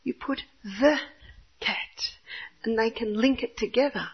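An older woman, a homeschooling mother, gives an expressive faith testimony about her son. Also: on the high side, a little slow, slightly rough, muffled recording. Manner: earnest, expressive storyteller. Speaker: homeschooling mother giving a talk.

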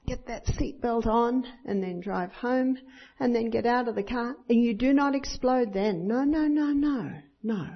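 Woman, breathy, fairly high voice, teaching talk, acts out dialogue, dull lo-fi recording. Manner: acts out dialogue, often asks the audience for agreement. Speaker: parenting teacher at a church talk.

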